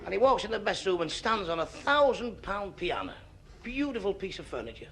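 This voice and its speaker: A man with a Mancunian accent telling stand-up jokes, brisk and deadpan on the punchlines. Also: high voice, gravelly, a faint crowd. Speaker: stand-up comedian. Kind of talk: stand-up comedy.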